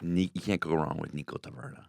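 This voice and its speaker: A man's voice: low-pitched, fast talker, creaky, no echo, studio quality. A man, a haunted house owner telling stories in an interview and acting out the voices of the people in them. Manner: excitable, acts out quoted voices. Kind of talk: animated radio interview storytelling.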